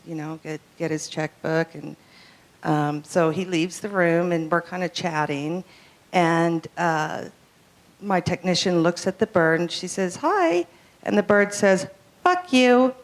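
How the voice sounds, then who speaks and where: A woman tells a story on a small club stage, her voice sitting a little low. She talks slowly, halting and filling gaps with ums. She sounds slightly nervous. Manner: hesitant, many ums, nervous. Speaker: open mic comic, veterinarian. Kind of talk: stand-up storytelling.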